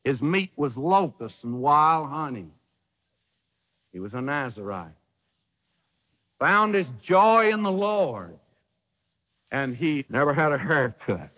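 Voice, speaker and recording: A man's voice: a little high, sing-song, slow pace, pauses often, bright, forceful tone, long reverb tail, low-quality recording. A man preaching a sermon with folksy wording and dramatic quoted lines, heard on an old radio broadcast.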